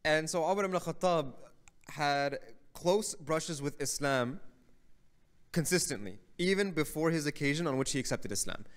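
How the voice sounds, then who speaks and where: A man's voice: fairly high pitch, animated, moderate pace. Man telling a religious story, conversational. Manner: conversational storytelling with frequent "right?". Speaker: lecturer. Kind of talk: religious lecture. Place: mosque hall.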